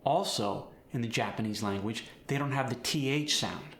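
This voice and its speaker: Male voice teacher, clear instructional delivery, bright tone. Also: mid-range voice, normal speed, echoey room. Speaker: accent coach. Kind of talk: instructional explanation.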